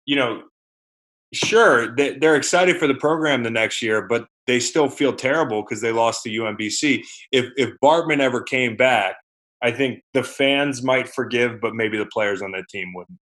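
A man's voice: mid-range voice, normal speed, fairly bright tone. A man co-hosting a sports podcast, rambling in casual, conversational chat.

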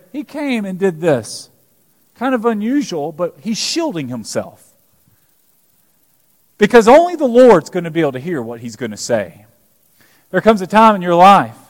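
Animated male pastor preaching in a hall. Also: fairly high pitch. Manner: dramatic, acting out scripture quotes. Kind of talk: sermon.

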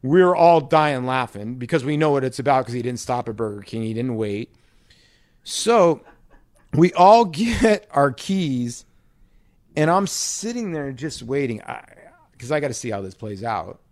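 A man spins a loose, profane anecdote on a podcast, jumping in and out of quoted voices. His voice sits at an ordinary middle pitch and is recorded close and dry, with no room around it. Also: very animated, measured pace, darkish tone, dry recording. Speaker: podcast co-host, former pro ballplayer. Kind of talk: casual storytelling chat.

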